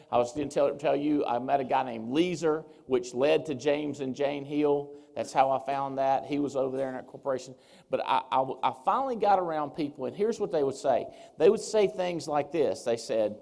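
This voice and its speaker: A man giving a seminar talk as a speaker, telling his story with lively, animated swings as he acts out what people said. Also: mid-range voice, vocal fry. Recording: reverberant hall.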